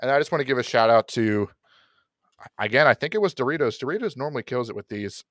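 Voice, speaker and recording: A man's voice: medium pitch, lively intonation, fast talker, a bit bright, no room sound, studio quality. A man co-hosting a football podcast, chatting eagerly and often tripping over his words. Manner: enthusiastic, stumbling over words. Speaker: podcast co-host. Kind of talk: casual chat.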